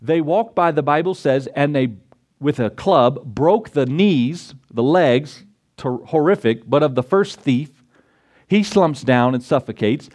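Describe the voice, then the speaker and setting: A man preaches a sermon, his voice a touch high for a man. He is animated, dramatizing scripture scenes and slipping into the voices of the people he quotes. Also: measured pace. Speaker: pastor.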